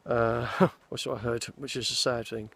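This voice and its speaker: A man's voice: mid-range voice, level tone, normal speed, vocal fry, fairly bright tone. A man in his sixties, an actor casually telling rambling stories of his film career outdoors in a forest. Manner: rambling, meandering storytelling with restarts. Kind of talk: casual anecdotal chat.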